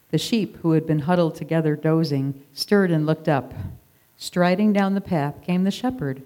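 Expressive narrator reading a children's story aloud. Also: mid-range voice.

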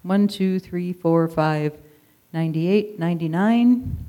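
Reader doing weary kind shepherd, steady calling voice, storybook father. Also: mid-range voice, takes it slowly, lightly acted.

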